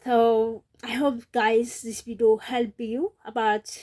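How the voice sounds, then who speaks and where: A woman's voice: a little high, flat delivery, slow, warm tone. A woman learning English, talking casually to camera and giving earnest advice, with many fillers and restarts. English is not her first language.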